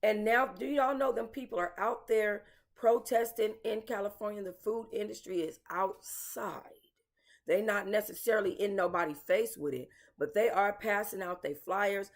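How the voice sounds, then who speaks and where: A woman's voice: medium pitch, normal speed. A woman hosting casual commentary, talking bluntly and emotionally to her viewers, swearing and calling them y'all. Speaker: commentary channel host.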